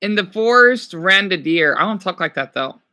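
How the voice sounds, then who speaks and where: A man's voice: sits high, animated, moderate pace, pushed and bright. A man streaming casually, reading quiz questions aloud and reacting with exclamations while he talks back to his chat.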